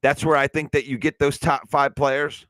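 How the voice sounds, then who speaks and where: A man hosting a casual sports talk stream. He answers the chat with pointed argument and sometimes slows down to drive a point home. His voice is mid-pitched and recorded dry and close. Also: flat delivery, a bit bright, dry recording. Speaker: sports show host.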